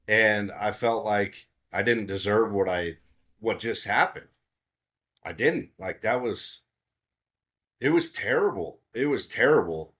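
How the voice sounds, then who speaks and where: A man with a somewhat low voice tells a story as a podcast guest. He talks earnestly in casual conversation and repeats key words for emphasis. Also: a bit bright.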